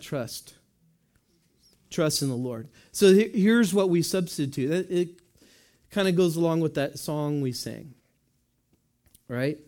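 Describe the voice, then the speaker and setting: A man's voice: a little high, warm tone. A man preaching a conversational sermon as a pastor, asking the congregation questions and answering in little voiced asides.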